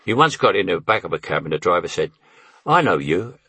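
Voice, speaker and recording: An older man reads his memoir in a deep, husky voice, wry and anecdotal. The sound is dry and close, with no room around it. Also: lively intonation, fast talker, pushed and bright, no echo. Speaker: memoir narrator. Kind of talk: memoir audiobook narration.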